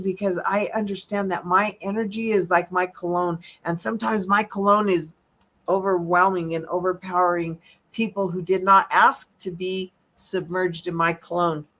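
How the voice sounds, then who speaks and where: Lively woman health coach, motivational talk, punchy then hushed. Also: mid-range voice. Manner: animated, emphatic, swings between loud and soft.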